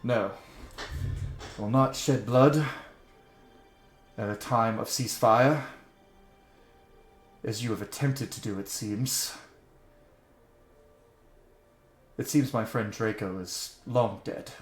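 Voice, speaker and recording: A man voicing a grave, restrained male knight captain who speaks in a solemn, measured way. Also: fairly low pitch, reverberant, soft background music. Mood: stern.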